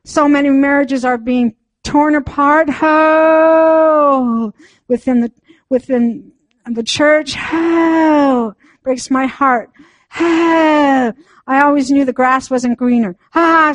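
A woman's voice: high-pitched, slow pace, no room sound. An older woman giving an emotional church testimony, laughing often, sighing and exclaiming, sometimes near tears. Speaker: church member sharing testimony.

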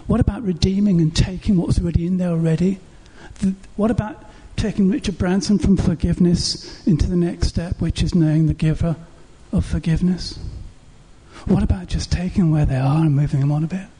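High, husky-voiced preacher man. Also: brisk, dark tone. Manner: repetitive rhetorical questions, earnest preaching. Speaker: pastor. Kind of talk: sermon.

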